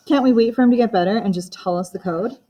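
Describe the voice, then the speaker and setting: A woman's voice: fairly high pitch, fast talker, lo-fi sound, lightly acted. A woman reading an audiobook voices a blunt, impatient teenage girl, the older sister in the story. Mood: exasperated.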